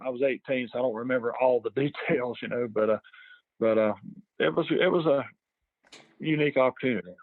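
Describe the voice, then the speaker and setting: An older man from the US South with a Southern accent, telling stories in a halting, rambling way as an interview guest. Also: medium pitch, no room sound. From Georgia, US South. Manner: rambling, halting storyteller with many restarts. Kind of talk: casual interview chat. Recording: tinny phone-line audio.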